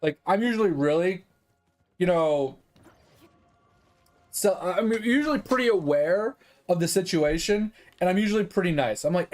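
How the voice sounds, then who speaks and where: High-voiced man ranting, exasperated. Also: lively intonation, normal speed, long pauses, darkish tone, faint music behind. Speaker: gaming streamer. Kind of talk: casual chat.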